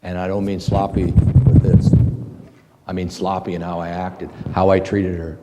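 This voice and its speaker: A middle-aged man giving a slow, halting, earnest personal testimony to a men's group. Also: deep voice, little pitch movement, very noisy. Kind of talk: reflective personal testimony talk. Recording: long hall reverb.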